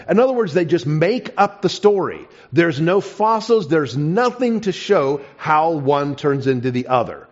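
A man telling a childhood story to an audience as part of a creationist talk, animated and dropping to a soft voice for quoted asides. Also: fairly high pitch, a little slow, hardly any pauses. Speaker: creationist speaker. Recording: dull lo-fi recording.

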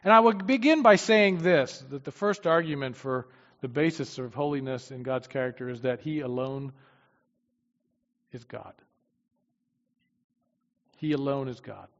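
A man preaching a sermon with emphasis, swinging from loud declarations to quiet asides. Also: medium pitch, unhurried, long pauses. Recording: dull, long-reverb hall sound.

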